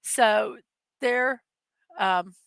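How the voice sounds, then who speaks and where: Bright-voiced woman telling rambling stories. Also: mid-range voice, drawn-out words, gravelly, smooth, no room sound. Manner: rambling storyteller, laughs often. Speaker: host. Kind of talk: casual livestream chat.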